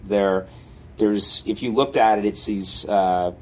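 An older man, a comedy writer and guest, talking casually with many fillers and animated storytelling. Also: fairly low pitch, takes it slowly, rough recording. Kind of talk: casual conversation.

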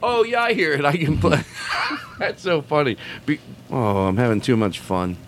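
A man hosting a podcast, loud and joking, riffing in loose comedic banter. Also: a little high, expressive, moderate pace, a little hiss or hum. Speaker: podcast host. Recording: live music in room. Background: live band music.

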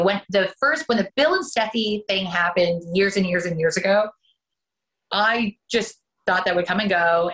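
A woman's voice: on the low side, a bit bright. A Canadian woman, an actress, chatting in an interview, talkative with laughing asides. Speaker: soap opera actress, guest. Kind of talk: casual interview chat.

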